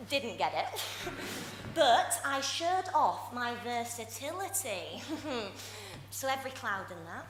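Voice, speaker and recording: An actress playing a bubbly young actress in a comic monologue, chatty and self-mocking. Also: female voice, a little high, very animated, slow pace, long pauses. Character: bubbly young actress telling audition stories. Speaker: drama student in a showcase monologue. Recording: echoey room with hiss.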